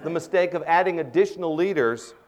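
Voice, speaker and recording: Middle-aged male pastor, sermon delivery, earnest and emphatic, slightly raised pitch. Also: lively intonation, brisk, darkish tone. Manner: earnest, emphatic preaching with rising intensity.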